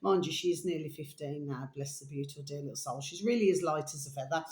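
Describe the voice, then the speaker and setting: Woman, rambling home vlog, lowish voice, lots of ums, echoey room. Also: darkish tone. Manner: meandering, full of fillers, dictating text slowly; coos baby talk to her pet. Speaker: vlogger. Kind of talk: rambling casual monologue.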